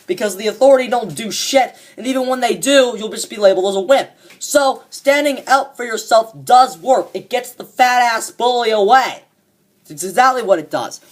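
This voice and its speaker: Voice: mid-range voice, close to an everyday voice. A fan performer voicing a cocky young man who rants smugly and swears a lot about a coworker, in a comedic monologue. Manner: ranting, profane and smug.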